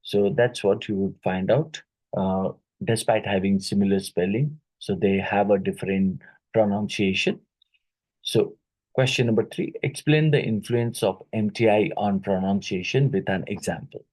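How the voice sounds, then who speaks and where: A man teaching an exam-prep lesson, reading each question twice and pausing with fillers and "right?" tag questions. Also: on the low side, a little mellow, rough recording. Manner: halting, with many fillers and "right?" tags; repeats each question aloud.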